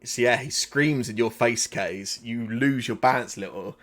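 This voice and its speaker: A man's voice: mid-range voice, moderate pace, fairly bright tone. A man running a live tabletop game as game master, narrating in a loose, conversational way with plenty of ums and likes.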